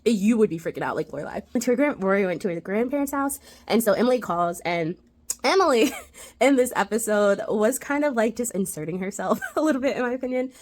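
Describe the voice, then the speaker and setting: Fast-talking woman recapping a TV episode. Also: a little high. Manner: chatty, animated retelling, many "like" fillers. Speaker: TV rewatch reviewer.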